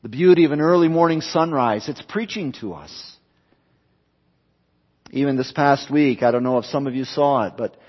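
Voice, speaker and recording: A pastor delivering an evening sermon, building phrases through repetition and rising and falling for emphasis. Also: male voice, mid-range voice, moderate pace, in a large hall, highs cut off. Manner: preaching with repetition, swelling and dropping for emphasis. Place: church.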